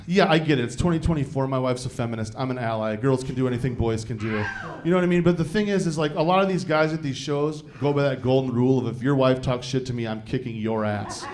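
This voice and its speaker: A man's voice: a little high, slight background noise. A man from Iowa performing a stand-up comedy set live, talking conversationally, swearing freely, and often checking in with the crowd. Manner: profane, conversational, often asks the crowd "you know what I mean?". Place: live venue before a laughing audience. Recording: live show with audience laughter. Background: crowd laughter.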